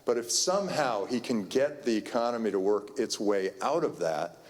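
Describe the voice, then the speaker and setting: A man's voice: mid-range voice, animated, normal speed, a little mellow. A man giving a keynote talk, telling a rambling anecdote full of fillers and restarts. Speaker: keynote speaker. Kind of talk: conference keynote storytelling. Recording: long hall reverb.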